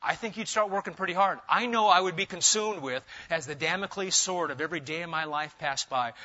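High, bright-voiced man preaching a sermon. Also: a little fast, hardly any pauses. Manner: animated preaching, swinging between loud emphasis and quiet asides. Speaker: pastor. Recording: dull, lo-fi sermon recording.

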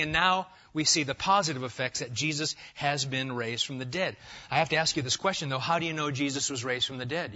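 Middle-aged male pastor, conversational expository preaching with questions to the room; bright, forceful tone, muffled lo-fi capture. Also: a little high. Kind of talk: expository sermon.

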